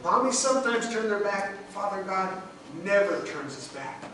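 A man's voice: sits high, big pitch swings, moderate pace, bright, forceful tone, a little hiss or hum. A middle-aged man preaching a sermon as pastor, emotional and swelling in volume as he speaks. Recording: very echoey hall, distant mic.

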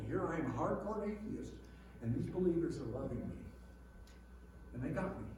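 A man preaching a sermon to a room, going from quiet musing to loud emphasis. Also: fairly high pitch, a little hiss or hum. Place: large room with an audience. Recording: echoey hall, mic far off.

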